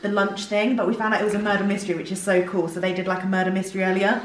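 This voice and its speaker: A woman's voice: medium pitch, level tone, very fast, low-quality recording. A young Englishwoman talks straight into a handheld camera in a giddy, gushing vlog. She laughs often. Her voice sits in a middle register, and a faint hiss runs under the recording. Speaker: vlogger. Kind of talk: excited casual vlog. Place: large holiday lodge indoors.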